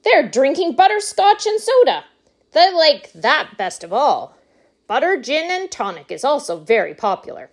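Woman putting on a zany, high male candy maker. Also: big pitch swings, normal speed. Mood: triumphant. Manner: bouncy, emphatic, bossy. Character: eccentric, brisk, excitable male candy maker.

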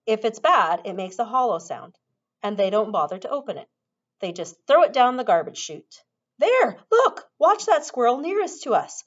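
Casting: woman reading a quirky showman factory boss, lively and animated. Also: medium pitch. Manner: brisk, showman-like explaining. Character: eccentric excitable male chocolate-factory owner. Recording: dull lo-fi recording.

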